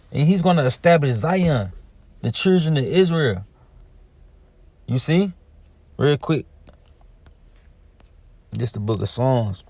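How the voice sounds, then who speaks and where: A man's voice: fairly high pitch, darkish tone, no echo. A man giving an informal scripture teaching, reading verses and explaining them in a conversational way, often asking "you see?" and adding "man". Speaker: religious teacher.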